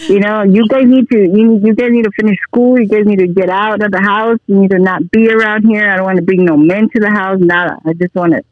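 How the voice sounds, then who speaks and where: A woman's voice: mid-range voice, fairly even intonation, fast, few pauses, dry recording, phone-quality sound. A woman in her forties, a guest telling stories in a casual chat and laughing easily. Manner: chatty storyteller, laughs easily.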